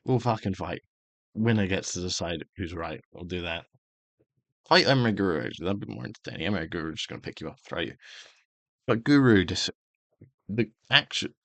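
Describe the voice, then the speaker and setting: A fired-up man rants straight into a close mic, swearing often and pressing every point hard. His voice sits fairly low, and the sound is dry with no room echo. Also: gravelly, fairly bright tone. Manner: heated, sweary, emphatic. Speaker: karate channel host. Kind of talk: angry opinion rant.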